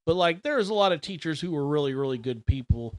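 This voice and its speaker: A middle-aged man telling childhood stories in casual chat, animated, exaggerating for laughs and swearing freely. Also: a little high, quick pace, dry recording, studio quality. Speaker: podcast co-host.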